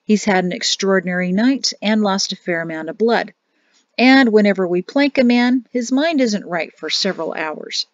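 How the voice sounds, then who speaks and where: A woman's voice: medium pitch, expressive, moderate pace, dry recording, lightly acted. Woman voicing a blunt army surgeon. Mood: matter-of-fact. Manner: dry, matter-of-fact. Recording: dull dry home recording.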